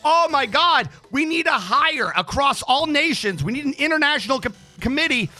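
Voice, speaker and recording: A man's voice: very high-pitched, expressive, normal speed, bright, forceful tone, faint music behind. A male game streamer with a throat infection, chatting casually on a livestream and ranting with plenty of swearing. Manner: ranting, profane, exasperated.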